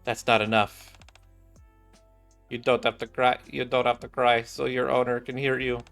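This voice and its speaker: A man's voice: mid-range voice, little pitch movement, normal speed, gravelly, a bit bright, soft background music. A man voicing an earnest young girl who coaxes and encourages an abandoned cat, in a game scene. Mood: coaxing. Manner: coaxing, encouraging.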